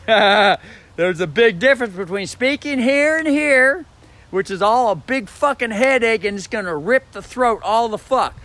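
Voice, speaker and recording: A man talks into his camera at home in a slow, drawn-out ramble. He circles back over the same points and curses casually, and his voice sits high and bright. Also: expressive. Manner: profane, repetitive, demonstrates voice sounds. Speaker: vlogger. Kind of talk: rambling vlog monologue about voice technique. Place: indoors at home. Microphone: phone or camera mic.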